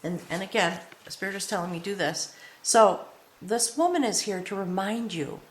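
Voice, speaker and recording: A woman's voice: medium pitch, normal speed. A woman giving a spiritual tarot reading to camera in an earnest manner, often checking in with the viewer. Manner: earnest, addresses the viewer with frequent "okay?". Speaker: tarot reader. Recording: roomy echo.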